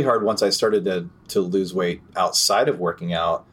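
Low, husky-voiced casual host. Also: male voice, moderate pace. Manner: relaxed, chatty, filler-heavy. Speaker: podcast host. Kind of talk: casual interview chat.

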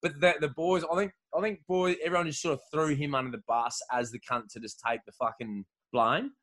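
Aussie bloke comedian, a bit high voiced, swearing nonstop, rambling crude stories. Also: male voice, steady tone, brisk, fairly bright tone. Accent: Australian. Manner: profane, rambling, laughing storyteller. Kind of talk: casual crude banter.

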